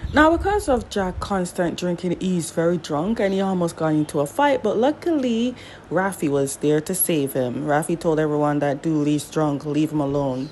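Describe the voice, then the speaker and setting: A woman's voice: lowish voice, a little mellow, slight background noise, rough recording. A woman giving a casual, chatty drama recap, talking back to the characters as she goes.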